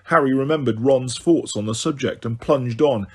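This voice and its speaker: Husky-voiced man narrating a novel. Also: medium pitch, moderate pace, hardly any pauses. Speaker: audiobook narrator. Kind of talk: scripted narration.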